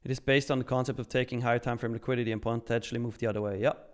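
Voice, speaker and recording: A man's voice: mid-range voice, steady tone, racing, smooth. A man from Switzerland hosting a live trading stream, upbeat and chatty as he reads chat aloud. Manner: upbeat, chatty, hyped by milestones.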